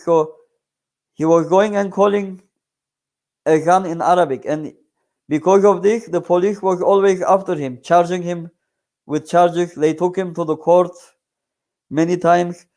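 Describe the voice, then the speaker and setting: A man, the shaykh's grandson, telling a religious life story in an earnest, halting way with many fillers. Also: sits high, steady tone, darkish tone. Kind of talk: casual spoken storytelling.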